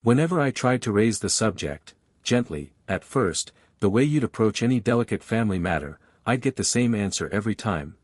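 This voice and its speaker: Older male narrator, low-pitched, measured and reflective, dry close sound. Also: lively intonation, no echo. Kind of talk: scripted first-person story narration.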